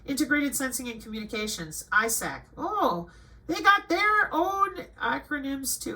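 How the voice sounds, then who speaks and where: Sharp-voiced woman, reading and scolding. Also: high voice, measured pace, poor audio. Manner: scolding and sarcastic, jumping between flat reading and emphatic outbursts. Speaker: channel host. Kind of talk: reading a list aloud with ranting commentary.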